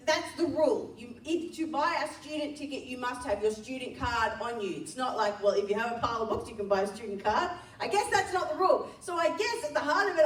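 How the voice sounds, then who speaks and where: Young woman preacher, chatty and self-deprecating, slightly high voice, echoey hall, mic a little distant. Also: slight background noise. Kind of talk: sermon with a personal story. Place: church hall.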